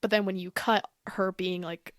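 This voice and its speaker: A woman talking as a podcast guest in a casual chat, animated and opinionated, with lots of "like". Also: mid-range voice, moderate pace, no room sound. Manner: animated, opinionated, heavy use of "like".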